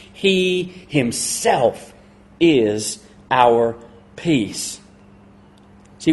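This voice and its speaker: A middle-aged male pastor preaches emphatically in a slightly high voice, slowing down and dropping to a hush on key words.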